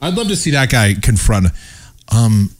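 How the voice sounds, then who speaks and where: A man's voice: mid-range voice, sing-song, normal speed. A man hosting his own show, talking in a mocking, sarcastic commentary monologue. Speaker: show host.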